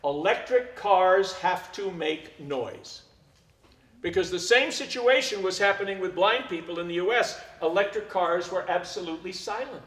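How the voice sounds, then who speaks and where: A man's voice: high-pitched, animated, normal speed, a bit bright, reverberant. A man from the United States, a priest, chatting and telling stories on a concert stage microphone. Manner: chatty, storytelling. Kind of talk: live concert introduction. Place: concert hall.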